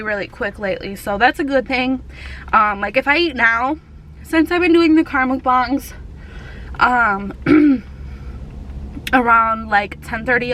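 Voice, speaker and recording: A woman's voice: a little high, fairly bright tone, a little hiss or hum. A young woman from Texas chatting casually while eating in her parked car, rambling through stories with lots of fillers. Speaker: vlogger. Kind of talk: casual car mukbang chat.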